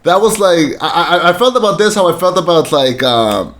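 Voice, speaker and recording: A man's voice: sits high, big pitch swings, a little fast, fairly bright tone. A man co-hosting a casual film review podcast, rambling with many fillers and restarts and acting out quoted lines. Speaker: podcast co-host.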